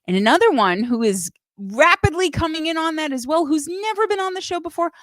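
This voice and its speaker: Upbeat, playful woman host, higher voice, dry recording. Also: a bit bright, dry recording. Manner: bubbly, playful, laughs often. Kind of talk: live show hosting.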